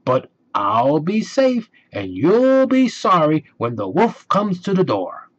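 A man's voice: sits high, wildly swooping pitch, slow pace, voice pushed up, heavily acted. A man voicing a serious, hardworking little pig who calls out warnings in a storybook reading. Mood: earnest. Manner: calling out warnings. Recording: dull lo-fi recording.

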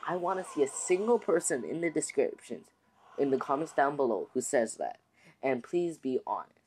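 A man's voice: mid-range voice, big pitch swings, moderate pace, a little mellow, a little hiss or hum. A man hosting his own gaming channel, chatting casually to viewers in a rambling way with many restarts and fillers. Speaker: gaming YouTuber host. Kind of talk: casual let's-play commentary.

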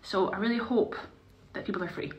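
A young woman chatting casually to her viewers on a live stream while doing her makeup, bubbly and chatty, sometimes dropping into quiet mutters. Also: medium pitch, a little fast, highs cut off. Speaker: performer hosting a live stream. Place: small indoor room. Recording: echoey room with faint hiss.

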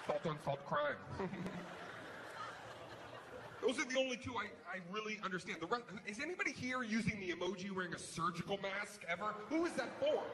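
A man performing a stand-up comedy routine on stage, animated, swinging between hushed mutters and shouted rants. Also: high voice, fairly quick. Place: large comedy venue. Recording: live hall with crowd noise. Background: audience laughter.

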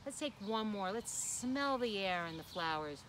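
A woman's voice: mid-range voice, expressive, a little slow, background noise. A woman hosting a children's sing-along lesson in a playful, sing-song way, asking young listeners questions. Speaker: children's program host.

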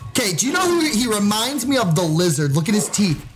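A man hosting a gaming channel, giving loud, excited gameplay commentary and yelling into his desk mic with sudden high shrieks. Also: a little fast, poor audio. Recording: music playing behind.

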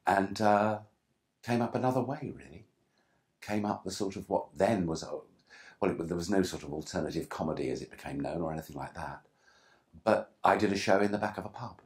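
An older man with a very low, deep voice recalls his past in a relaxed, self-deprecating way. He tells rambling anecdotes for an interviewer, doubling back and restarting his sentences as he goes. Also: brisk. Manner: self-deprecating storyteller, frequent restarts and asides. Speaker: interview guest.

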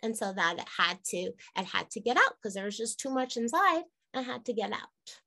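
A woman's voice: fairly high pitch, big pitch swings, normal speed, bright, forceful tone. A woman health teacher explaining a lesson to parents in a candid, chatty way, laughing at her own jokes.

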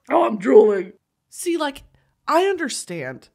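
Animated, wildly expressive woman host. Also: medium pitch, unhurried. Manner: animated, swings into shouts, whispers and laughter. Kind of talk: casual comedic commentary.

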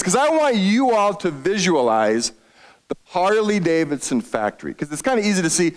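A man giving an economics lecture, quizzing his audience with questions and answering them himself. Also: high-pitched. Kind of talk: lively lecture to a retiree audience.

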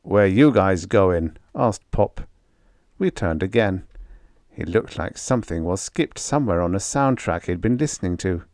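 A man narrating a first-person story in a hard-boiled, expressive reading on a close mic. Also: low-pitched, moderate pace, no echo. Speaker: audiobook narrator.

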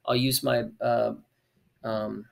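A young adult man, a former child actor, talking as a podcast guest in a relaxed, rambling way with plenty of fillers. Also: mid-range voice, slow pace, creaky. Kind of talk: casual interview chat.

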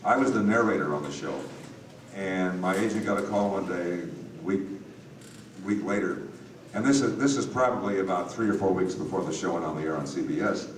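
An older man telling an animated story on a convention panel, recorded from far off in an echoey hall. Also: low-pitched, brisk, slight background noise. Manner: animated anecdote teller with acted quotes. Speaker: panel guest, voice actor.

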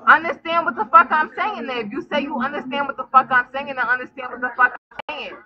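A woman's voice: high-pitched, fast. A drunk woman livestreaming, giggling and teasing someone in repetitive casual banter. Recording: dull lo-fi stream audio.

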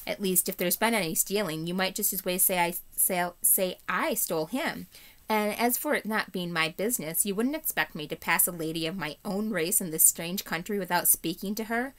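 A woman's voice: fairly low pitch, moderate pace, fairly bright tone, natural voice. A woman reading aloud, voicing a proud, talkative male war horse in a hearty, self-assured manner.

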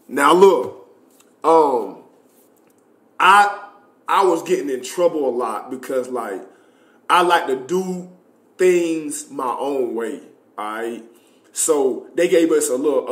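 Young man, casual storyteller, slangy and profane, fairly high voice, echoey room. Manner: animated, profane, slangy, frequent fillers. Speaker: streamer telling a story.

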